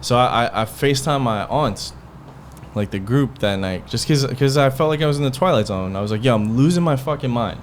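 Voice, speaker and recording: A man's voice: medium pitch, brisk, a little hiss or hum. A man hosting a podcast, telling a heated personal story in a rambling, profane way, full of quoted back-and-forth. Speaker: podcast host. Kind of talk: casual storytelling.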